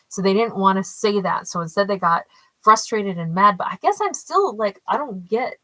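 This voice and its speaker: A woman giving a casual tarot reading, thinking aloud and questioning her own reading with animated asides. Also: mid-range voice, normal speed, no echo, low-quality recording. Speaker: tarot storyteller.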